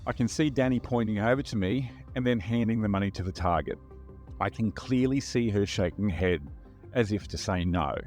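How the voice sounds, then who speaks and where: A man's voice: fairly low pitch, fairly quick, a little mellow, soft background music. A man, a podcast host recounting his undercover days in a plain-spoken, wry first-person telling. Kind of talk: first-person true-crime storytelling.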